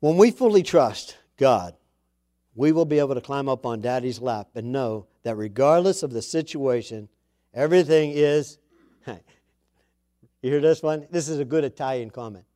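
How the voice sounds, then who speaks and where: A man's voice: medium pitch, lively intonation, moderate pace, warm tone. A man preaching a sermon to his congregation in a conversational way, with chatty asides and emphatic repeats of key words. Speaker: pastor.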